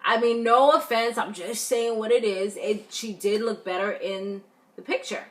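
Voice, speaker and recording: Woman vlogger, casual recap; animated, blunt, filler-heavy delivery. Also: on the high side, normal speed. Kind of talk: casual review chat.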